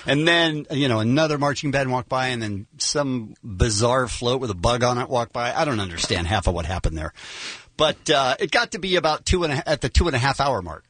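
A man's voice: mid-range voice, animated, fairly quick, a bit bright, dry recording. A man casually telling a funny story with comic exaggeration on a chat show.

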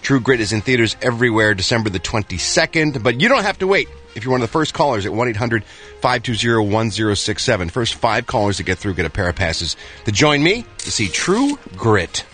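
Animated man doing radio entertainment news. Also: mid-range voice, fairly quick, soft background music. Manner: animated, playful, hammy. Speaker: radio show entertainment reporter. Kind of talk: morning radio banter. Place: radio studio. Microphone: studio microphone.

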